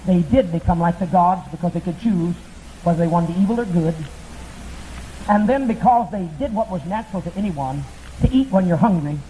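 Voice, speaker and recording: A man's voice: high-pitched, mellow. A man preaching a fiery, profane sermon, mocking and impassioned in his delivery. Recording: tinny lo-fi archival tape with faint hiss.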